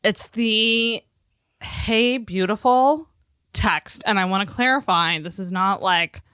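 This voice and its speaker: A woman's voice: medium pitch, a little slow, sharp tone, smooth, dry recording, clean studio sound. A young woman co-hosting a podcast, chatting casually and animatedly with lots of filler words and laughter. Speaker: podcast co-host.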